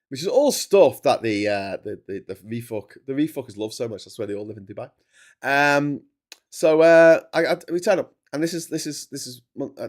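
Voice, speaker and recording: Guy on a livestream rambling through a travel story, slightly low voice, loose and chatty. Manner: chatty storyteller, digressive, stops to chat while eating. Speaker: livestream host.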